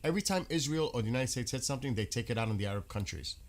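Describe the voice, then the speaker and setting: A man talks through the news live in a loose, off-the-cuff way. He sounds exasperated and fires off one rhetorical question after another, at an ordinary mid-range pitch. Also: lively intonation, racing. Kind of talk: casual live commentary on news clips.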